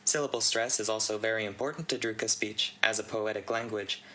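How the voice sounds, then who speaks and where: A man with a bright, forward voice reads a long technical write-up aloud. His delivery is steady and even, with the odd dry aside. He sounds like a host working through a text. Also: fairly low pitch, brisk, poor audio. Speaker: channel host reading a contest entry. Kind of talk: reading a conlang write-up aloud.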